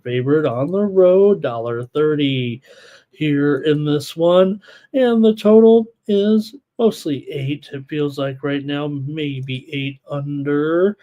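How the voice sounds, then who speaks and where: A man hosts a live sports betting show, rapidly rundown-ing odds and stats, reading viewers' chat picks aloud and tossing in casual asides. His voice is a little high with a dark tone.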